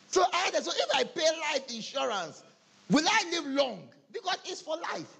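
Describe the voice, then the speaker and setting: A man preaching a humorous sermon, telling animated stories and acting out conversations. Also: extremely high pitch, normal speed, creaky. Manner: animated storytelling, acting out dialogues with laughter.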